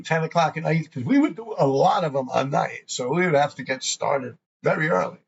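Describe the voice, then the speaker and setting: A gravelly, husky man rambles through old stories, swearing freely as he goes. His voice sits a bit high for a man, and it comes through a dull lo-fi recording. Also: expressive, fairly quick, hardly any pauses. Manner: rambling, profane, laughing often. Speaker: graffiti show host. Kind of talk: casual storytelling.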